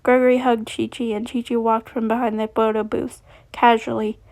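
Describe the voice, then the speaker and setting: A woman's voice: a little high, little pitch movement, moderate pace, darkish tone. Woman reading a story aloud. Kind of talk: reading fan fiction aloud.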